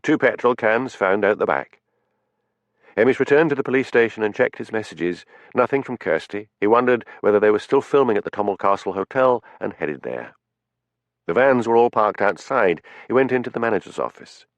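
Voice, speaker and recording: A man narrating a cozy mystery audiobook with expressive storytelling. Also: lowish voice, brisk, no room sound. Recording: dull, muffled studio audio.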